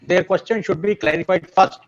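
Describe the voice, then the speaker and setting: A man's voice: high voice, fairly even intonation, normal speed. A man, a senior college official, firmly giving instructions to the host. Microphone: video call. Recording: dull lo-fi audio from a distance.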